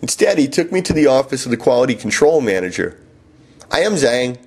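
A man's voice: medium pitch, very animated, fast, creaky, darkish tone, husky. A man reading his own first-person memoir in a wry, sardonic way. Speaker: author and narrator.

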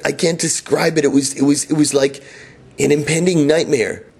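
Husky middle-aged male storyteller, wry and self-mocking. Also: fairly high pitch, darkish tone. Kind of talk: first-person storytelling.

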